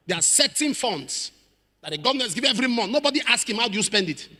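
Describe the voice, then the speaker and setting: Male preacher, dramatic storyteller, lively high pitch, long hall reverb. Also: quick pace. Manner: dramatic, acts out quoted voices, builds to shouted prayer. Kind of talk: sermon with storytelling. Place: church.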